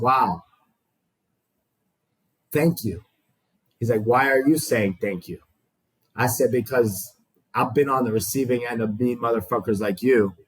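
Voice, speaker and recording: A man's voice: medium pitch, slightly rough, no echo, poor audio. A man telling his recovery story to a small group, raw and profane, acting out the dialogue he quotes.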